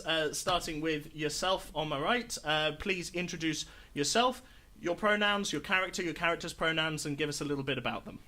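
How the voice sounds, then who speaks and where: Male game master, bright slightly high voice, chatty host of a live tabletop game on stage. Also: normal speed. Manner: chatty, filler-heavy, upbeat. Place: live stage show before an audience.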